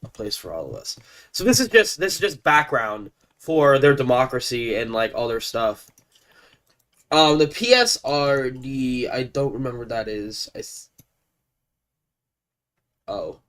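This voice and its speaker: Male streamer, congested from allergies, excitable commentary mixed with stumbling read-alouds. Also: mid-range voice, measured pace, long pauses. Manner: excitable, stumbles over names. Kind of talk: live gameplay commentary and reading game text aloud.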